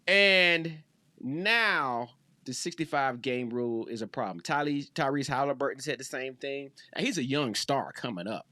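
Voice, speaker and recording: A man's voice: medium pitch, normal speed, pushed and bright, no room sound, studio quality. A man in his thirties hosting a podcast, ranting in a casual, slangy way and repeating himself for emphasis. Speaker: podcast host. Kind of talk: casual sports rant.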